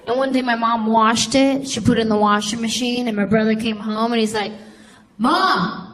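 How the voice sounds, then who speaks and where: A woman's voice: a little high, steady tone, a little fast. A woman doing a stand-up comedy routine on stage, telling stories and acting out childhood voices. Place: comedy stage before a live audience. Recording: live show with crowd and noise.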